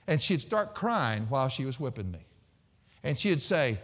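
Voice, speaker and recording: A man preaching a sermon as pastor, telling folksy stories with frequent laughter and sudden swings from soft to loud. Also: on the high side, big pitch swings, slow, long reverb tail.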